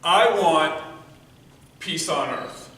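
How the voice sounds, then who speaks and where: Bright-voiced man speaking in an echoey room. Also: a little high, animated, extremely slow. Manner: earnest, shifts between loud emphasis and quiet hushed passages. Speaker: speech contest speaker. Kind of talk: prepared storytelling speech. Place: meeting room before an audience. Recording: echoey room, mic from far off, faint noise.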